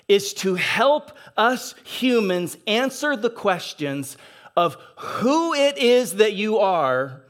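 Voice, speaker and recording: A man, a pastor, preaching a sermon in church, telling a story and slowing down to stress key phrases. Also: sits high. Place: church sanctuary.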